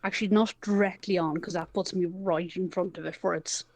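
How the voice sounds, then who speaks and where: A woman's voice: lowish voice, steady tone, brisk, a little mellow. A woman playing a tabletop game, thinking her moves through aloud and trailing off mid-sentence. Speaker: player. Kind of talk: casual tabletop game play.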